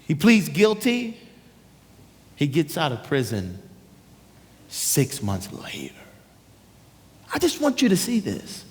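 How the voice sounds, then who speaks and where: A man preaching a sermon as a story, animated and emphatic. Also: a little high, slow, long pauses. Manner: animated, emphatic, acts out voices. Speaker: pastor. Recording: long reverb of a large hall.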